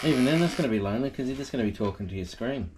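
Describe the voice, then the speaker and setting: A man's voice: mid-range voice, expressive, very fast. A man chatting casually with his partner, in a teasing, matter-of-fact way. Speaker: partner of the host. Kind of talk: casual chat. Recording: loud background noise.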